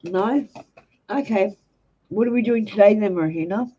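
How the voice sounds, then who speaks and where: Blunt Australian woman tarot reader, mellow tone, dull lo-fi stream sound. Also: mid-range voice, moderate pace, slightly rough. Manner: blunt, direct, talks straight to viewers. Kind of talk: live-stream tarot reading.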